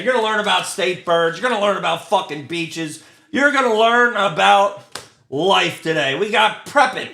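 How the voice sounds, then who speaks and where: A man's voice: high voice, big pitch swings, unhurried, creaky, bright, forceful tone. A man hosting a live card break, reading out pulls with crude, joking banter. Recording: roomy with faint noise.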